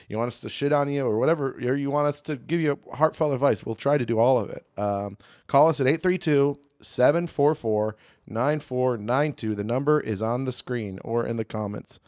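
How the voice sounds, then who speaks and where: A man's voice: mid-range voice, moderate pace, darkish tone, no echo, clean studio sound. A man co-hosting a casual comedy podcast, joking and teasing with loose fillers. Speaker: podcast co-host.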